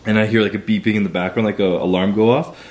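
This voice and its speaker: Fast and fairly low-pitched, with a darkish tone and mostly even intonation, this young adult man from Canada tells a personal story as a vlogger. His casual storytelling is loose and profane, and he leans heavily on "like."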